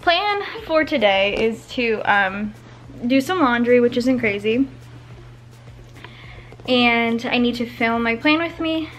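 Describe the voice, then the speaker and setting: Talking casually at home into a handheld camera, a young woman vlogger rambles and corrects herself along the way. Her fairly high voice is expressive, and she takes it slowly, pausing often.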